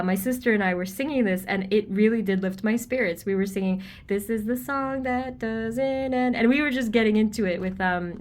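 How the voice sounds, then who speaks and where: A woman doing a pick-a-card tarot reading for viewers, gentle and reassuring, chatty, with frequent ums and an easy laugh. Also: medium pitch. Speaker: tarot reader.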